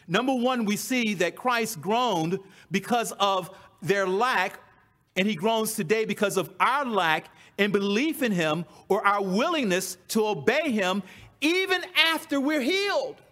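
Male preacher, high-pitched, emphatic sermon delivery with repeated phrases. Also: a bit bright. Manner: emphatic, repeats key phrases for stress, reads scripture aloud.

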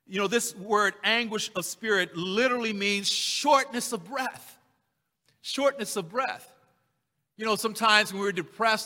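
A man's voice: high-pitched, measured pace, bright, forceful tone, in a large hall. A man preaching a sermon, emphatic, acting out the voices of the figures in the scripture he reads. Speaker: pastor.

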